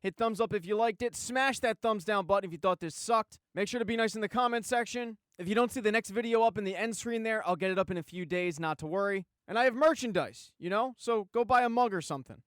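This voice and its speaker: A man hosting his channel, telling a TV episode recap as scripted narration in a brisk storytelling way. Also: high-pitched, a bit bright, dry recording, clean studio sound. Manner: brisk storytelling, reading quoted dialogue in his own voice. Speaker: channel host.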